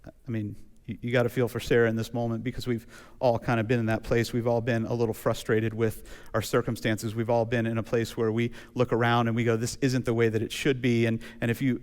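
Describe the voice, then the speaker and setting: Male pastor, chatty storytelling sermon, mid-pitched voice, big church reverb. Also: fast talker, smooth. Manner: conversational, animated storytelling with acted quotes. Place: church sanctuary.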